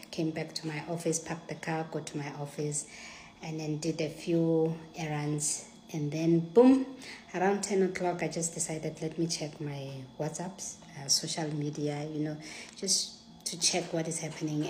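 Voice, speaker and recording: A South African woman with a low voice recounts a personal story in a lively, theatrical way. She acts out every line of dialogue and slips into hushed asides. The sound is roomy and echoey, with a faint hum behind her. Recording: echoey room.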